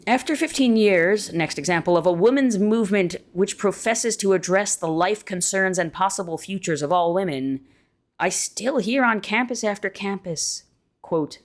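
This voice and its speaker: A woman reading an essay aloud in a measured, deliberate way, slowing down to stress key words. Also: mid-range voice. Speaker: reader of an essay.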